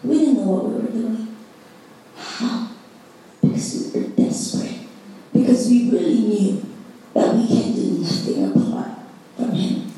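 A woman's voice: a little high, unhurried, long pauses, mellow. A woman preacher in her thirties or forties gives a sermon as passionate, personal storytelling. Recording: very echoey hall, voice from far off.

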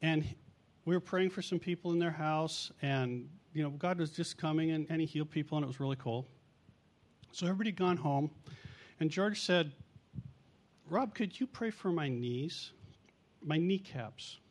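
Middle-aged guy preaching, tells stories, bit high voice, jokes on himself. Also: brisk. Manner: chatty, self-mocking, acts out quotes. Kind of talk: storytelling sermon.

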